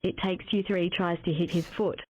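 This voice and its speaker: A synthetic woman's voice reading game text aloud in an even, mechanical way. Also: on the low side, normal speed, dry recording. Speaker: text-to-speech game narrator. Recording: tinny phone-like dry sound.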